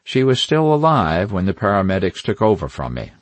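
A man's voice: low-pitched, big pitch swings, a little fast, dry recording. A man narrating a first-person crime novel in a wry, hard-boiled manner with dry asides. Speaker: audiobook narrator.

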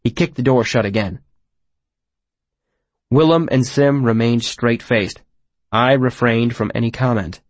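A man narrating first-person fiction in a measured, expressive storytelling manner, on a close mic. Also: medium pitch, no room sound. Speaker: audiobook narrator.

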